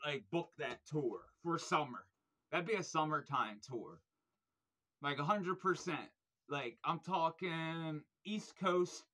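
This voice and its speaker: Bright-voiced, slow-talking man rambling casually. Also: a little high, expressive. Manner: rambling, swearing, lots of "like" fillers; enthusiastic about the music. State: frustrated while searching his shelves. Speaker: vinyl vlog host reviewing records. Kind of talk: casual chat.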